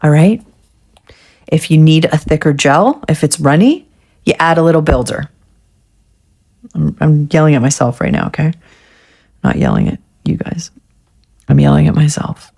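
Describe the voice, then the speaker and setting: A woman's voice: low voice, sing-song, normal speed, gravelly, pauses often, darkish tone. A woman vlogger chatting casually through a nail art tutorial, getting frustrated and swearing at herself.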